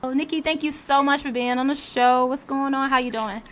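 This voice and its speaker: A woman's voice: high-pitched, fairly even intonation, brisk, a bit bright. A woman hosting a podcast, chatting enthusiastically with her guest and laughing often. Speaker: podcast host. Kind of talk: casual interview chat.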